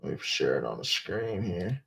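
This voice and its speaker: A man's voice: sits low, very animated, moderate pace, vocal fry, a bit bright, slightly rough. A man casually talking through a live sports stream, repeating himself and muttering asides. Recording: dull lo-fi stream audio.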